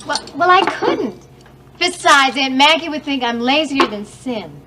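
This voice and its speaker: A woman's voice: sits high, lively intonation, a little slow, background noise. An actress playing a hesitant young woman on a summer job in a 1980s TV soap opera. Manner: hesitant, modest.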